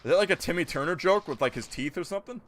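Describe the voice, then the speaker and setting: A man's voice: fairly high pitch, animated, very fast, a bit bright. A man streaming a game, chatting casually and ranting in disbelief as he answers his chat. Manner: incredulous, joking rants, answers chat. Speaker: gaming streamer.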